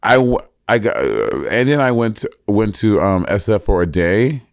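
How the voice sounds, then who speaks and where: A man's voice: on the low side, sing-song, moderate pace, no room sound. Sassy laughing man, dry close sound. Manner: sassy, playful, laughs often. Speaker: podcast co-host. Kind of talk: casual chat.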